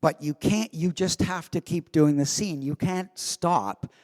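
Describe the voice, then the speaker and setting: Convention guest actor, slow and fairly high-voiced, amused storyteller, long hall reverb. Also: male voice. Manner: animated, self-amused storytelling. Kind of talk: anecdote on a convention stage.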